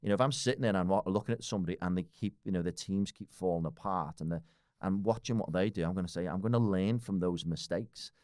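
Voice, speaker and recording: A man's voice: sits low, quick pace, a little mellow, clean tone, no room sound, studio quality. A man in his forties with a British accent, talking bluntly as a podcast guest, swearing freely and laughing often. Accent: British English. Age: 40s. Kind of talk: casual podcast conversation.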